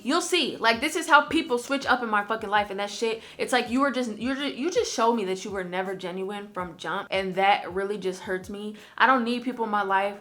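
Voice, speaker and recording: A woman, telling a storytime to camera, candid and swearing freely. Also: medium pitch. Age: 20s. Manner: candid, heavy swearing, animated slang. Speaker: vlogger. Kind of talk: storytime vlog, casual chat.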